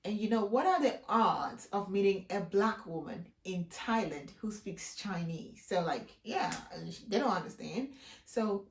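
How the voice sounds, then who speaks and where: A woman from Africa chats on her hair-care vlog in a lively, emphatic way, acting out the people in her stories. Her voice sits at an ordinary middle pitch for a woman. The recording has a roomy echo. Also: measured pace. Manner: emphatic, expressive storyteller who acts out quoted voices. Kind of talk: casual vlog storytelling and how-to talk.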